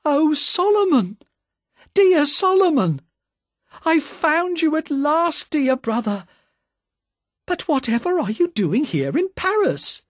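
Man putting on a shrill tearful older woman. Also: big pitch swings, slow pace, pauses often, dry recording, studio quality, exaggerated voice. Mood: overjoyed. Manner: high, emotional, crying out. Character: tearful excited middle-aged woman.

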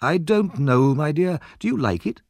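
A gentle old housekeeper woman from a storybook, motherly and soothing in the way she speaks, as a male narrator voices her. Her voice sits higher than a man's usual talking voice, and the recording is dry and close. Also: lively intonation, normal speed, dry recording. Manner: soothing, kindly.

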